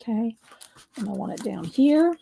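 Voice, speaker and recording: A woman talking casually through a mixed-media craft tutorial, hoarse and losing her voice, often clearing her throat and muttering to herself as she paints. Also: on the high side, lively intonation, normal speed, warm tone, a little hiss or hum. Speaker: mixed-media art creator.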